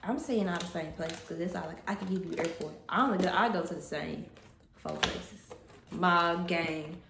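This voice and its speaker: A woman's voice: lowish voice, normal speed, creaky, background noise. A young woman chatting casually in her fashion haul vlog, playful and slangy, often laughing. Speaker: fashion vlogger. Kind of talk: casual haul video chat. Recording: echoey room.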